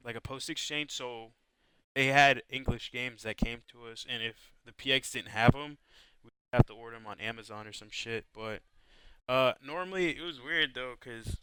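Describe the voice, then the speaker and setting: A man's voice: medium pitch, normal speed, sharp tone, clean tone. Profane young man telling rambling stories. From United States. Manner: profane, rambling storytelling full of "like". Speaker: podcast co-host. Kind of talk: casual podcast chat.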